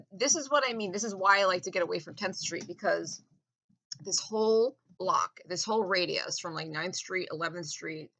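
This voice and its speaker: A woman talks straight into the camera in a long, rambling rant. Her tone is bright and sharp, and her voice sits low. She sounds contemptuous, circles back to the same points and leaves sentences unfinished. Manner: contemptuous, rambling, repeats herself. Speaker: vlogger. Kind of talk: ranting monologue.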